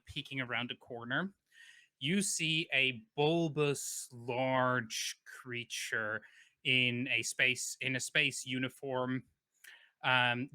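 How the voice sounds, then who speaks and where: A man narrating a tabletop game as game master, in an unhurried way, with frequent ums and self-corrections as he builds the scene. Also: medium pitch, pushed and bright.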